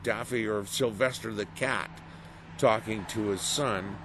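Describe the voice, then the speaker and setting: A middle-aged man giving a casual interview as a voice actor, animated and storytelling, acting out quoted reactions. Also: on the low side, a little slow. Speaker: voice actor guest. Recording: noisy background.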